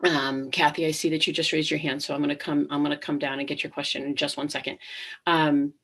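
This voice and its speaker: A woman's voice: deep voice, level tone, fast talker, fairly bright tone, husky. A middle-aged woman hosting a live webinar, talking casually with many ums and restarts and acting out inner thoughts. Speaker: webinar host.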